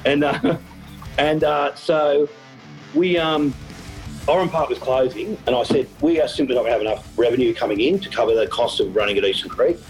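Aussie bloke, middle-aged, event organizer spinning yarns, laughs a lot, bit of music underneath. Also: male voice, medium pitch, fairly quick, poor audio. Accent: Australian. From Australia. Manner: animated storyteller, laughs often, acts out quotes. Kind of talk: storytelling interview.

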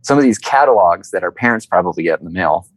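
A man's voice: deep voice, fast, dry recording, low-quality recording. A man being interviewed, telling his story in a conversational way and acting out the voices he quotes. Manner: animated storyteller, acts out quotes. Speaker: interview guest, entrepreneur.

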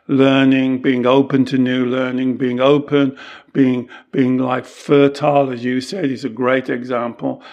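A man's voice: medium pitch, darkish tone. A man who is a Taoist monk, co-hosting a podcast and explaining teachings in an earnest, reflective way, often acting out quoted dialogue.

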